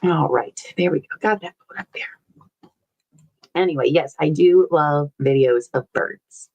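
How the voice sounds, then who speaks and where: A woman's voice: sits low, a little slow, darkish tone, muffled recording. A woman hosting a casual livestream, rambling and chatty as she reads viewer comments aloud, laughing often and swearing casually. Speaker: livestream host.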